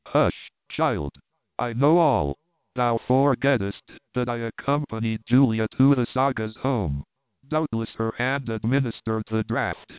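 A man's voice: mid-range voice, clean tone, no room sound, natural voice. Storybook villain: menacing older Egyptian man, read by a male narrator, tinny phone-like sound. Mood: stern. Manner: grave, measured and menacing. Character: scheming older Egyptian man, cold and commanding.

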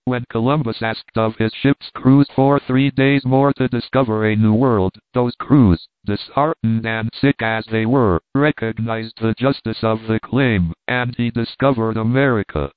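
A man's voice: lowish voice, unhurried, hardly any pauses, clean tone, no room sound, natural voice. A man reading a stern, obstinate old professor. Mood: firm. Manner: firm, commanding. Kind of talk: audiobook reading. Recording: dry, phone-like narrow sound.

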